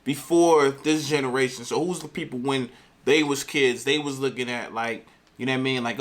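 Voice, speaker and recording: An American man hosting a reaction video, chatting casually in relaxed slang. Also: medium pitch, moderate pace. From United States. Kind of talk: casual commentary.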